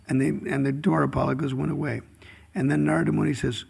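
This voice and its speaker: Guy teaching scripture, gravelly and kinda husky, a bit high, chuckles through the stories. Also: little pitch movement, quick pace, darkish tone. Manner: chuckling, storytelling delivery; chants Sanskrit verses. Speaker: scripture speaker. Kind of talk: devotional scripture class.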